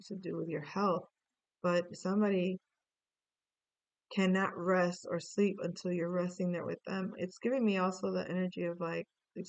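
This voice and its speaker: A woman's voice: lowish voice, a little mellow, clean tone. A woman doing a casual tarot reading, rambling with lots of fillers and restarts, swearing now and then. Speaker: tarot reader.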